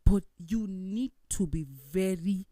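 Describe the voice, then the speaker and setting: A woman's voice: mid-range voice, slow, no echo, studio quality. A woman, co-hosting a casual panel talk show and telling stories with animation. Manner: animated storytelling with laughter. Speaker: co-host.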